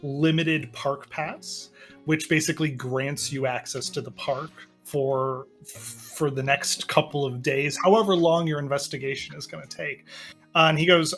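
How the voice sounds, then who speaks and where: A man's voice: on the high side, steady tone, a little slow, a bit bright, soft background music. A man running a tabletop game as game master, narrating loosely and hesitantly with many fillers.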